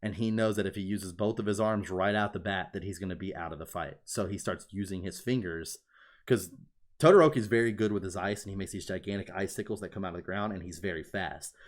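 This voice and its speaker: A man with a fairly low voice talks through a story on a casual podcast. He gets excitable and swears freely, peppering his talk with "like.". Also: fast. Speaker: podcast co-host. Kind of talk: casual chat, retelling an anime plot.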